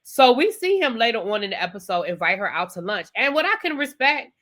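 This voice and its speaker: Woman w/ doing a tv episode review, bright voice, super chatty n opinionated, talks right at her viewers. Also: on the high side, sing-song, brisk, hardly any pauses. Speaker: TV show reviewer. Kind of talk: casual spoken recap and commentary.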